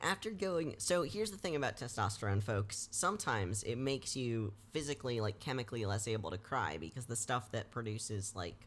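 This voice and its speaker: A man's voice: medium pitch, animated, moderate pace, few pauses, a bit bright. A man co-hosting a casual podcast chat, joking, laughing often and insisting on getting his point across. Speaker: podcast co-host.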